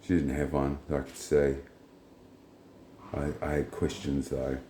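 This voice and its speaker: A man's voice: a bass voice, a little slow, reverberant, slight background noise. A man telling a rambling, blunt, profane story in casual monologue. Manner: blunt, profane, rambling, retells dialogue in flat quotes. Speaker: vlogger.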